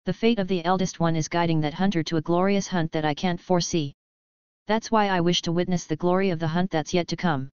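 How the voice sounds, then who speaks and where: A woman's voice: on the low side, steady tone, a little fast, a little mellow, smooth, dry recording, natural voice. Ghostly wolf hunt god, grand formal speech, read by a woman, dry and dull-sounding. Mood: solemn. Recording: dull lo-fi audio.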